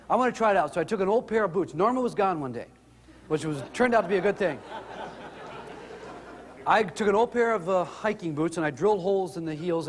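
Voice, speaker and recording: A middle-aged man telling humorous family stories in an animated way to an audience. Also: in a large hall, slight background noise. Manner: animated, rises in pitch when excited. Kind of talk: humorous storytelling talk.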